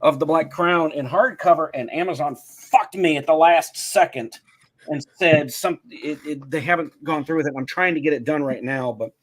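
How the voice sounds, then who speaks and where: A man, an indie author, talking in casual chat on a podcast, halting and full of fillers. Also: on the high side. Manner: halting, lots of fillers and restarts.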